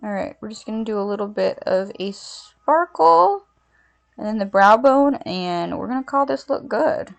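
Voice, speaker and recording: A woman's voice: medium pitch, expressive, moderate pace, vocal fry. Giggly woman chatting through makeup. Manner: chatty, giggly, lots of fillers. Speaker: streamer doing makeup. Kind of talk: casual chat while doing makeup.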